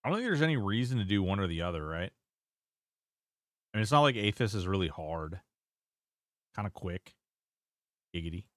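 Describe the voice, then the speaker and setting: A man's voice: fairly low pitch, very animated, fairly quick, long pauses, no echo, clean studio sound. A man streaming a game, chatting casually, reading chat aloud and swearing now and then. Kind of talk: casual gameplay commentary.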